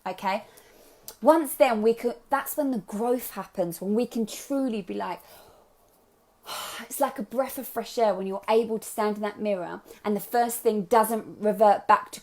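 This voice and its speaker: Upbeat young woman coach, chatty, encouraging, mid-pitched. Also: a little mellow. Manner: upbeat, chatty, encouraging, drops into playful voices. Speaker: self-love coach. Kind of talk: live group coaching talk.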